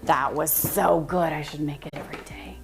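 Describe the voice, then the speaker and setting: A young American woman chatting casually with her viewers on a live stream, animated and quick to laugh. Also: sits low, faint music behind.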